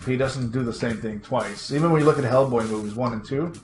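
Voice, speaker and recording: A man chatting casually while playing a game, rambling excitedly, laughing often and swearing casually. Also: medium pitch, brisk. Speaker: co-host of a retro gaming show. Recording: echoey room with faint background noise.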